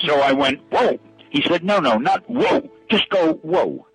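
An older man telling a joking anecdote in an animated raconteur manner, from an archival clip. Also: a little high, measured pace, husky, dry recording, soft background music, full character voice, rough recording. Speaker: archival clip of a comics creator telling a story. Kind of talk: storytelling anecdote.

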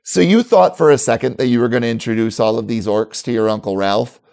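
A man narrating as game master of a tabletop game, relaxed and rambling, full of fillers. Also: medium pitch, a little fast, creaky.

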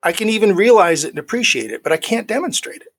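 A man's voice: high voice, expressive, quick pace. A middle-aged man in his forties, a guest telling a personal recovery story, acting out the dialogue he quotes.

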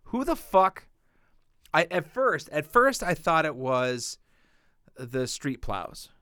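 A young man co-hosting a casual podcast, ranting freely and cursing often. His voice sits a little high and swings widely in pitch. It is smooth and clear, recorded dry and close with no room sound. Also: slow, no echo. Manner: profane, ranting, animated. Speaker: podcast co-host.

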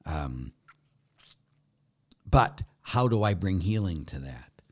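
A man's voice: low voice, very animated, slow pace, darkish tone, husky. A man, a Catholic priest and pastor, answering questions in an earnest, candid, conversational preaching style, sometimes dropping almost to a whisper for emphasis.

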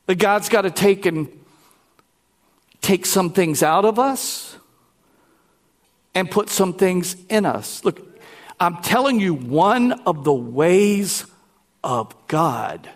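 High-voiced man preaching a sermon. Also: takes it slowly, long pauses. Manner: animated preaching, talks directly to the congregation. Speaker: pastor.

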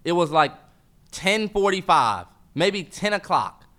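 High bright-voiced man in heated banter. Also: slow. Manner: animated, swearing, mocking impressions of his brother. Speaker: podcast co-host.

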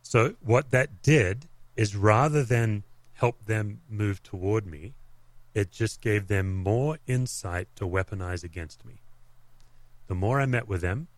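A man with a low-pitched voice talks through his own experiences in a candid, reflective manner. His speech carries a pastor's easy conversational rhythm. The sound is dry and close, with no room echo. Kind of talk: podcast conversation.

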